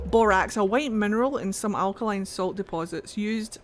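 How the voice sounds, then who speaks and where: A woman's voice: medium pitch, moderate pace, slight background noise. Chatty Scottish woman streaming a game. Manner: chatty, playful, swears casually. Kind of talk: casual game commentary.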